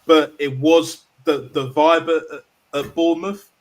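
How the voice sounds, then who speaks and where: A man on a call-in chat, halting and repeating himself as he talks. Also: fairly high pitch, fairly even intonation. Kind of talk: casual chat.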